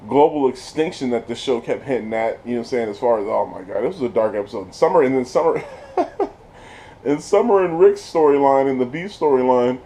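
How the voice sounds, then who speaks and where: A man giving a casual spoiler review of a TV episode, slangy and excited, laughing often as he retells scenes. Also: mid-range voice, fairly quick, slight background noise.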